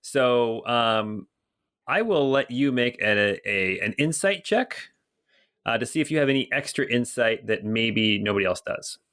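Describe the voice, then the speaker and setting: A man narrating as game master of a tabletop game, relaxed and rambling with many ums. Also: medium pitch, a little slow.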